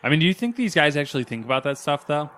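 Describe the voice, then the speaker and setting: A man's voice: on the high side, sing-song, racing, fairly bright tone. A man co-hosting a casual podcast chat, mostly giving short replies and asking questions. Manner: mostly brief listener replies. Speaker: podcast co-host.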